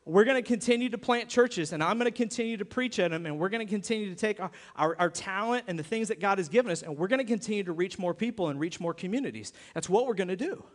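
High-voiced emphatic male pastor. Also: animated, quick pace, few pauses. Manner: emphatic, repeats himself, acts out quoted voices. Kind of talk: sermon. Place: church sanctuary. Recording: long hall reverb.

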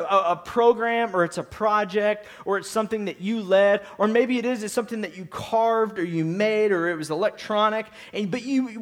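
A young adult man, a pastor, giving a conversational sermon full of asides, restarts and rhetorical questions. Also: high voice.

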